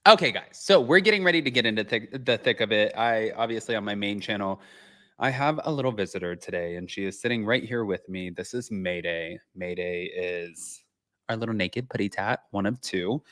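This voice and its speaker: Male host, lowish voice, dry close mic, chatty delivery reading news to viewers. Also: brisk, a bit bright, no room sound. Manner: chatty, reads news aloud. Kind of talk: casual chat. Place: home, with his cat.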